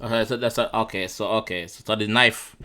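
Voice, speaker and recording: A man's voice: on the low side, steady tone, a little fast, sharp tone, faint music behind. A young Jamaican man with a Jamaican accent, casually breaking down a song line by line in a chatty way that slips into patois. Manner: chatty, repeats himself, mixes in patois. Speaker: reaction channel host.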